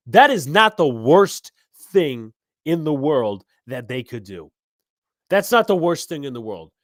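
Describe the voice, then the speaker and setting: A man hosting a live sports podcast, ranting heatedly and profanely about his team, his voice swelling loud when angry. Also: fairly high pitch, sing-song, a little slow, no echo, studio quality. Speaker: podcast host.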